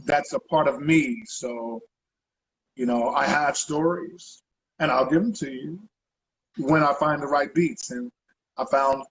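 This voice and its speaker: A man's voice: medium pitch, steady tone, unhurried, pauses often, poor audio. A man being interviewed as a guest artist, talking in a loose, rambling way and tagging his sentences with conversational asides. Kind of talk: casual interview chat.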